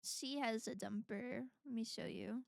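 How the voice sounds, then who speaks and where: A woman's voice: a little high, a little slow, gravelly, no room sound. A woman streamer chatting casually with her viewers, laughing often between lines. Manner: giggly, chatty, talks while eating.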